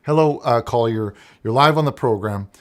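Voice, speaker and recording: A man's voice: mid-range voice, brisk, a bit bright. A man hosting a comic call-in show, talking in a rambling, hesitant way with many restarts. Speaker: host.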